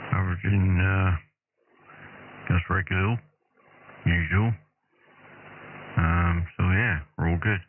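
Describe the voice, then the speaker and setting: A man on amateur radio giving short, laid-back replies with hesitant fillers. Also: deep voice. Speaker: ham radio operator, co-host. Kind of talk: casual banter over amateur radio. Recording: narrow radio transmission with static.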